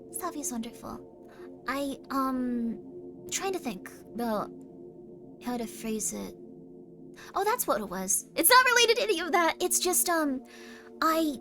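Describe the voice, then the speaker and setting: A woman streamer chatting casually with her audience in a rambling, playful, self-deprecating way. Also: on the high side. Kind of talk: casual livestream chat, reading chat messages. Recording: stream mix with music playing under the voice. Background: background music.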